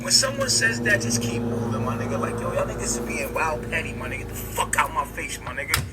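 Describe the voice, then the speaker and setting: A man's voice: a little high, expressive, fairly quick. A man lecturing emphatically and profanely in a casual, heated chat. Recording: noisy played-back stream audio.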